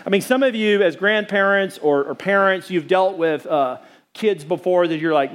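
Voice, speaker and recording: A middle-aged man preaches from a church stage, his voice sitting high for a man. He jokes with the congregation and slips into little acted-out scenes as he talks. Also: moderate pace. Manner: animated, joking, acts out quotes. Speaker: pastor. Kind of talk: sermon. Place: church sanctuary.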